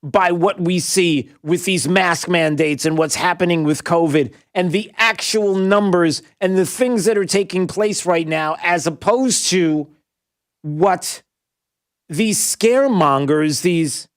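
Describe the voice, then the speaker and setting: A man hosting a talk radio show, giving an emphatic opinion monologue that rises to near-yelling when he gets riled. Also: sits high, takes it slowly, dry recording, clean studio sound.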